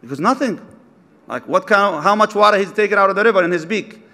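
A man's voice: high voice, fast. A man preaching a sermon, telling a story and acting out its dialogue, with recited verses mixed in. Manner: animated, acts out dialogue, mixes in recited verses. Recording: long hall reverb.

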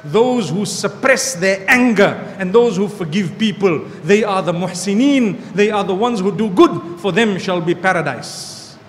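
A man preaching a sermon to a gathering of young people, animated and repeating key phrases for emphasis. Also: high voice, a little slow, hardly any pauses, long reverb tail, slight background noise. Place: hall with an audience.

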